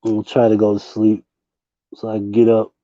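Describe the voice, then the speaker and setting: Young man, relaxed livestream host; mellow tone, dry slightly muffled desk mic, easy laughing delivery. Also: lowish voice, a little fast, dry recording. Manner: loose, laughing, slangy, talks to chat. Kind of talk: casual late-night livestream chat.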